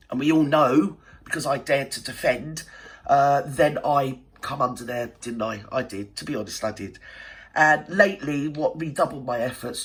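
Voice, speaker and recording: A man's voice: a little high, a bit bright, husky, full character voice. A man voicing a brash, gossipy older widowed woman, rambling and indignant in a satirical monologue. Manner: rambling, indignant, threatening, full of fillers. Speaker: satirical channel host.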